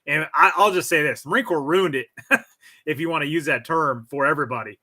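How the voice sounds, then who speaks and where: A man in his forties telling a personal story on a live stream, speaking frankly and pausing to restart his thoughts. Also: on the high side, sharp tone. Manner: measured, frank, with frequent restarts and fillers. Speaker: stream guest. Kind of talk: casual storytelling.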